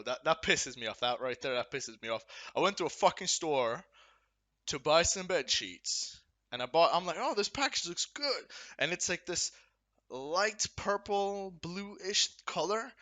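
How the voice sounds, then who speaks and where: Bright-voiced young man, candid vlog. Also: medium pitch. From Ukraine. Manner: candid, profane, rambling. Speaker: gamer. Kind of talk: casual confessional vlog.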